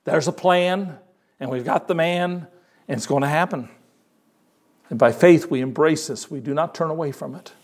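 Preaching a sermon, an older man with a voice on the high side quotes scripture, repeats words for emphasis and swings expressively in his delivery.

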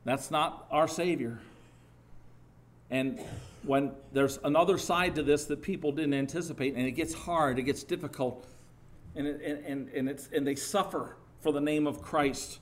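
Earnest middle-aged male pastor preaching. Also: on the high side. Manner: earnest and lively, with rising emphatic bursts and halting restarts. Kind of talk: sermon.

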